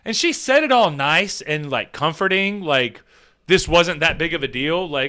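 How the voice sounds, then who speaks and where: A man hosting a podcast, telling a comic story in a rambling, animated way full of fillers and casual swearing. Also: sits high, normal speed, clear, resonant tone. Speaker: podcast host.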